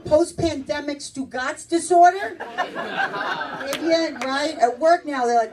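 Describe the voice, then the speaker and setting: A woman's voice: high voice, a little slow, background noise. Brash middle-aged New woman comic. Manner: brash, chatty, laughing through punchlines. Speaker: stand-up comedian. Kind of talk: stand-up comedy set. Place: comedy club stage with audience. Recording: distant club recording with crowd laughter.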